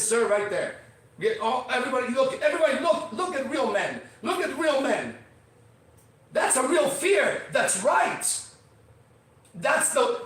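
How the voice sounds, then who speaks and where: A man hosting a podcast, ranting with intensity and swearing, swinging between shouts and low murmurs. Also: recorded from a distance. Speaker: podcast host. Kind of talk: fiery motivational podcast rant. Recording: echoey room, voice from off mic.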